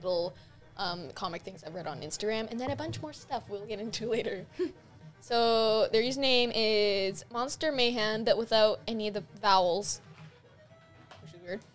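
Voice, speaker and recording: A woman's voice: mid-range voice, moderate pace, soft background music. A woman on a casual podcast describing a comic she likes, giggling between phrases. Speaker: podcast co-host.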